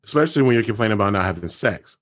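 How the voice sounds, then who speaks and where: A man's voice: fairly low pitch, lively intonation, very fast, dry recording, studio quality. A man speaking emphatically in a casual chat, often using "like" as he makes his point. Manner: emphatic, lots of "like" fillers.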